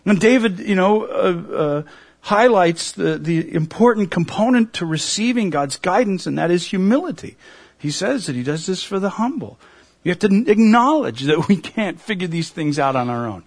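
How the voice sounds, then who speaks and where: A middle-aged man preaching a sermon, earnest and emotional, his voice climbing toward a near shout at the high points. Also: lively intonation, moderate pace. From United States. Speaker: pastor.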